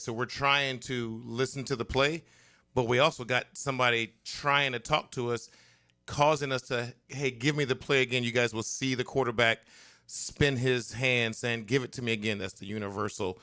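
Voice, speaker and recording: A man's voice: mid-range voice, bright, forceful tone, clean tone. A man who once played quarterback, explaining football plays on a sports radio show. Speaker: former pro quarterback guest.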